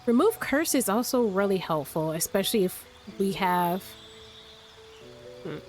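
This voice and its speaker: A woman with a cold, a bit stuffy and raspy, thinking aloud as she hosts casual gameplay commentary from her room at home. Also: medium pitch, expressive, unhurried, soft background music. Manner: thinks aloud, rambling with restarts. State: sick, stuffy and a little raspy. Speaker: let's play host.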